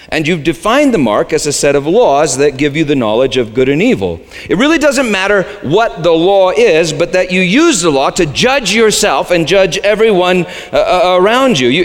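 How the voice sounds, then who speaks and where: A man preaching a sermon as the pastor, shifting between quiet low asides and sudden high, shouted lines. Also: in a large hall.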